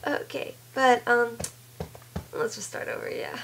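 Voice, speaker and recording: A woman's voice: on the high side, very animated, measured pace, gravelly, pauses often, a bit bright, a little hiss or hum, rough recording. A sick young woman whose voice cracks, chatting casually and self-mockingly to the camera between flute pieces. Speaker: flute player and video host.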